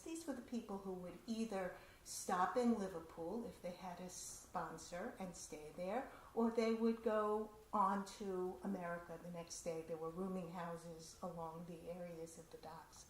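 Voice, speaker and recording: A woman performing a personal story at a community event, with a chatty, animated telling and asides. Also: medium pitch. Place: community center hall. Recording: roomy hall with faint noise.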